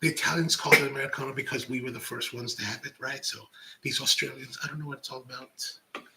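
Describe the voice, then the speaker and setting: A man's voice: medium pitch, steady tone, fast talker, background noise. A middle-aged man hosting a coffee show, chatting casually and rambling as he reads out viewer comments. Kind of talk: casual live-stream chat.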